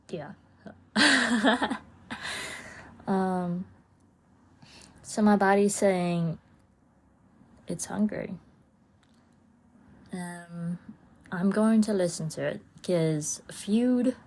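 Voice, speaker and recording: Woman, podcast host, casual solo chat, unhurried, slightly low voice, rambling, laughs a lot. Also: gravelly. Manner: chatty and rambling, with frequent laughs and playful inner-voice asides.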